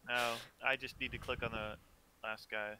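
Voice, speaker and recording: A man's voice: mid-range voice, little pitch movement, normal speed, pushed and bright, clean tone. A man narrating as dungeon master of a tabletop game, describing scenes and running combat.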